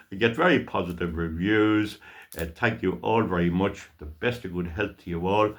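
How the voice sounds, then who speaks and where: An older Irish man who hosts a channel tells a story casually and playfully, adding mock drama and stammering repeats. His voice is fairly low in pitch with a fairly bright tone.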